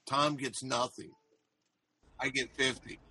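A man's voice: mid-range voice, little pitch movement, takes it slowly, pushed and bright, husky. A man hosting a comedy show, taunting and swearing at the others. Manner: taunting, mocking, profane.

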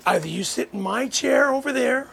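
A man's voice: very high voice, expressive, normal speed, vocal fry, background noise. A man who talks irritably, swearing and ordering people out of his place.

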